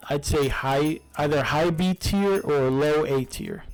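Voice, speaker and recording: A man's voice: fairly high pitch, measured pace, faint music behind, low-quality recording. A young man casually reviewing a game series, rambling with many fillers and restarts. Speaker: YouTuber reviewing games.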